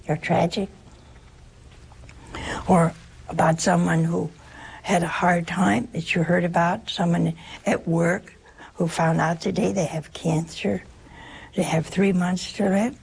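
This unhurried, darkish-toned talk comes from an American woman whose voice is heavily husky and gravelly, rich in rough grain. She leaves long pauses while keeping her spiritual talk relaxed, chatty, and funny, acting out little exchanges of dialogue as she goes.

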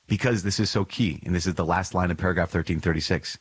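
Male podcast host with a slightly husky voice, reading and reflecting on a religious text in an earnest, emphatic way. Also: low-pitched, steady tone, fast, hardly any pauses, dry recording, low-quality recording. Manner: earnest, repeats key phrases for emphasis.

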